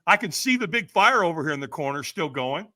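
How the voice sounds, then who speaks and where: A man with a slightly high voice tells a story as a podcast guest, his intonation lively and his delivery brisk, pushed and bright. He acts out the people he quotes, laughs a lot and keeps dropping "man" and "right?" into his energetic storytelling.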